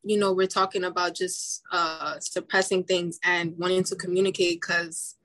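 A woman's voice: fairly low pitch, flat delivery, moderate pace, a bit bright. A young woman in casual podcast chat, talking in an earnest, reflective way with many likes and restarts. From Dominican heritage.

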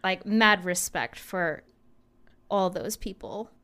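A woman's voice: medium pitch, slow pace, bright, forceful tone. A woman co-hosting a podcast in casual chat, talking loosely with lots of "like" fillers. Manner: chatty, heavy on "like" fillers. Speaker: podcast co-host.

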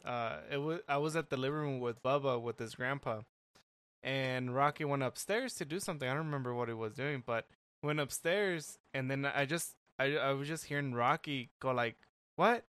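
A man telling a story on a podcast, halting and restarting, full of "like". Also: medium pitch, a bit bright, clean tone, dry recording. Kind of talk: casual storytelling.

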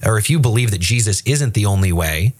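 A lowish voice, a little fast, belongs to a man co-hosting a casual faith podcast. He talks animatedly and loosely, mimics quoted voices, and frequently restarts with fillers.

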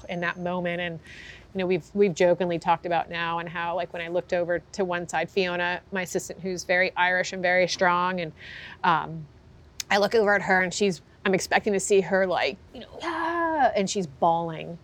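Low-voiced woman telling a candid story. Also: fairly even intonation, fairly quick. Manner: candid storytelling, acts out quotes. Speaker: horse trainer, guest. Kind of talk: conversational interview.

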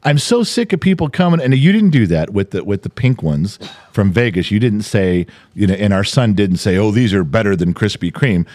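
A man's voice: on the low side, big pitch swings, moderate pace, darkish tone. An older man co-hosting a podcast in casual chat, ranting and swearing freely. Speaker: podcast co-host.

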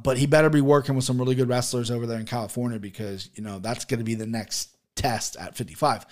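A man talking casually as a host reviewing fight results, blunt, profane and rambling, with plenty of fillers. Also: on the high side. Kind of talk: casual chat.

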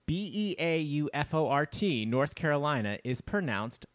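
A man's voice: fairly high pitch, sing-song, normal speed, no room sound. A man co-hosting a casual podcast, reading listener emails aloud and chatting with his co-host. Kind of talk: casual chat.

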